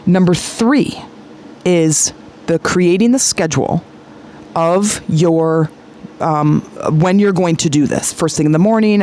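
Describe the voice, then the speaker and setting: A woman's voice: on the low side, slow, warm tone, a little hiss or hum. A woman hosting a podcast as a spiritual coach, teaching in a casual, chatty way, sometimes swearing and acting out her listeners' thoughts.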